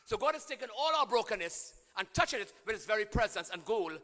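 Man, priest, sermon, bright ringing voice, call-and-response, long church reverb. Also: sits high, animated, fast talker. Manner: call-and-response preaching, swings from quiet to shouting.

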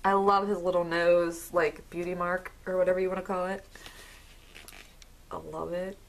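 A woman vlogger talking through an album unboxing, gushing and excitable as she speaks to the camera. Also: on the low side, normal speed. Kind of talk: casual unboxing commentary.

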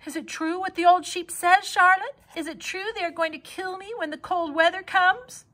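A woman voicing a panicked young male pig who wails and pleads in a high, loud voice. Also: expressive, moderate pace. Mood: anguished. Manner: wailing, pleading.

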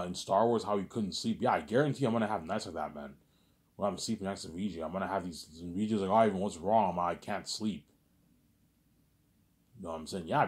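A man delivering a rambling, repetitive personal monologue, agitated and full of profanity. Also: sits low. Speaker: vlogger.

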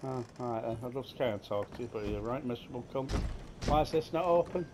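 A man's voice: mid-range voice, expressive, quick pace, noisy background. A man commentating his gameplay and swearing crudely as he jokes at game characters.

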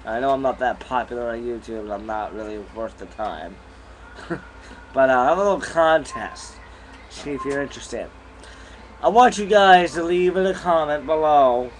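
A man's voice: medium pitch, expressive, normal speed, a little hiss or hum, poor audio. A young man casually vlogging from a bedroom at home, rambling in an easygoing way while chewing gum, recorded on a camera mic. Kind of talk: casual vlog chat.

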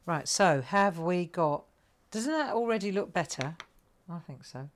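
Low-voiced chatty craft host. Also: female voice, expressive, measured pace, a little hiss or hum. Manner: chatty, thinks aloud, asks viewers questions. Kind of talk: live crafting tutorial chat.

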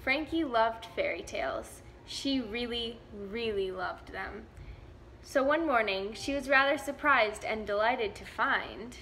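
A woman volunteer reading a picture book aloud to young children, slow, gentle and clear. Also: on the high side, a little hiss or hum. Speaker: volunteer story reader. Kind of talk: children's story read-aloud.

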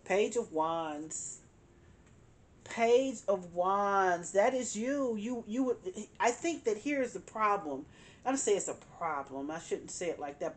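A woman tarot reader talking straight to the listener, emphatic and repeating her points as she reads the cards. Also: lowish voice. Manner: emphatic, repeats phrases, addresses the listener directly. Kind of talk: tarot reading monologue.

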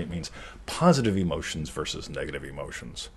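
A man hosting a live question session, in a joking, animated manner, laughing often and acting out little voices. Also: low-pitched, fast talker, a little hiss or hum. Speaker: host. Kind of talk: casual chat answering questions.

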